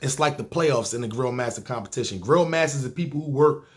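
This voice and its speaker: A man's voice: medium pitch, fairly quick. A man with a New York accent telling a long personal story in a casual, profane, streetwise way, acting out other people's lines. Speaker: storyteller, podcast host.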